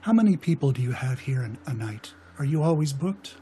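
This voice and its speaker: A man voices a polite, curious stranger who asks questions courteously. His tone is mellow and soft. Faint noise sits in the background. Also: mid-range voice, animated, brisk, lightly acted. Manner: polite, inquisitive.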